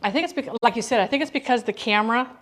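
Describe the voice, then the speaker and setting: A woman's voice: fairly high pitch, very fast, fairly bright tone. A woman hosting a casual cooking livestream from her home kitchen, chatting with viewers by name and often restarting her sentences.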